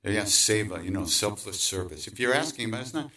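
Man, spiritual teacher, bright forceful voice, animated storyteller who acts out the people in his story and laughs a lot, set a little back from the mic. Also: fairly low pitch, fast, far from the mic. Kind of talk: storytelling in conversation. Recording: voice from away from the mic.

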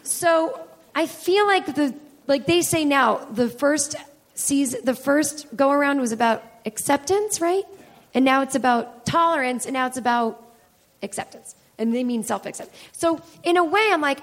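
A woman's voice: high-pitched, lively intonation, normal speed. A woman comedian hosting a live show on stage, rambling candidly and swearing freely with self-deprecating asides. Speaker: comedian podcast host. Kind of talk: live stand-up style chat with audience.

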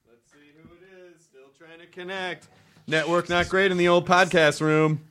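A man's voice: sits high, level tone, normal speed, a bit bright, clear, resonant tone. A man co-hosting a casual comedy podcast in a studio room, riffing with wry, dry humor. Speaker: podcast co-host.

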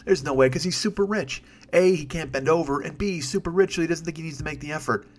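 A man's voice: on the high side, quick pace. A man hosting his own podcast, ranting in a sarcastic, profane and rambling way into a desk microphone. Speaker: podcast host. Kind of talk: solo comedic rant.

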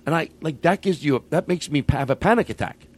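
A man's voice: fairly high pitch, expressive, fast talker. A man hosting a comedy podcast, chatting casually in a rambling way with many restarts. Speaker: podcast host.

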